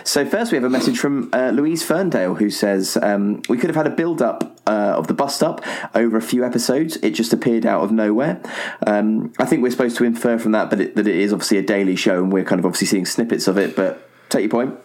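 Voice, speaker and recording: A man's voice: on the low side, fast talker, a little mellow. A male podcast host reading out listener messages in a wry, self-mocking way.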